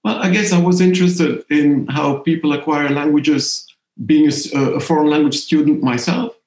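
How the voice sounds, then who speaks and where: Man, French accent, middle-aged, slightly high voice, hesitant and reflective, roomy echo. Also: fairly even intonation, normal speed, darkish tone. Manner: thoughtful, hesitant, frequent restarts. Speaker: interviewee, language professor. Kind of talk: conversational interview.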